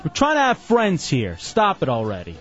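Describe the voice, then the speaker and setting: A man's voice: on the high side, huge pitch swings, moderate pace, a bit bright, lo-fi sound, faint music behind. A man hosting a radio show, bantering and scolding a crew member in a teasing way. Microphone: studio mic.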